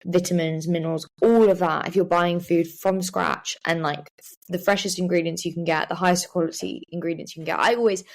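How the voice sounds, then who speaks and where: A woman's voice: lowish voice, steady tone, brisk. A young woman, chatting casually as a guest on an interview podcast, with lots of fillers and "like"s. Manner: chatty, many fillers and likes. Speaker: guest, professional cyclist.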